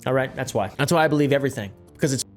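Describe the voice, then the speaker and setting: A man's voice: mid-range voice, rapid-fire, soft background music. A young man hosting a comedic commentary video, sarcastic with frequent joking asides. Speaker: host.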